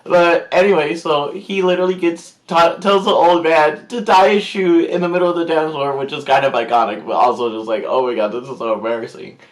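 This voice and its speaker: Animated man telling a storytime. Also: fairly high pitch, a little fast, hardly any pauses. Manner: animated, acts out quotes in put-on voices; filler-heavy, rambling. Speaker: YouTuber. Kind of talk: casual storytime vlog.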